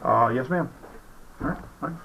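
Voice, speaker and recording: A man's voice: medium pitch, normal speed, creaky, lo-fi sound. Man teaching a noisy chemistry class. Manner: firm, shushing a noisy class. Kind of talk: classroom demonstration. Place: school classroom. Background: students chattering.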